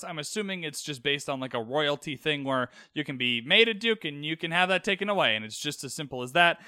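A young man chatting casually as he recaps a TV episode, animated and full of quick asides and mock outbursts. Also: sits high, no room sound, clean studio sound. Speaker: show reviewer.

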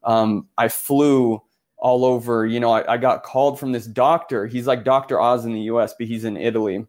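Earnest guy from utah telling his story, lots of you-knows and restarts, mid-pitched voice. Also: fairly even intonation, moderate pace, darkish tone. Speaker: photographer guest. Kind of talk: casual interview storytelling.

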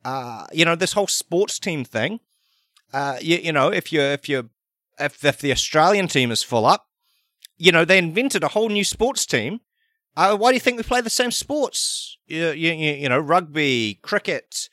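Rambling deadpan Kiwi man. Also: fairly high pitch, moderate pace, no echo, clean studio sound. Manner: rambling, deadpan, full of fillers and restarts. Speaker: podcast host. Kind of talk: improvised comedic monologue.

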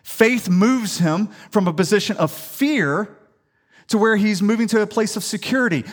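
A man from the Atlanta area preaching a sermon in a church, telling stories and building up to loud declarations. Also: sits high, measured pace. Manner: animated storytelling, rising to loud declaration. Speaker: pastor. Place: church sanctuary.

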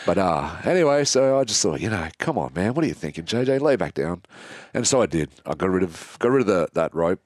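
An Australian man telling his own story in an interview, candid and halting, often restarting his sentences. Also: low voice, expressive, dry recording, studio quality. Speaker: guest.

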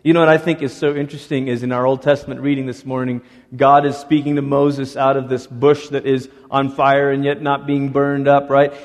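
Animated pastor in a reverberant hall. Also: male voice, mid-range voice, brisk. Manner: animated, acts out voices of Moses and God. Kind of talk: sermon. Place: church sanctuary. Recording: long reverb of a church hall.

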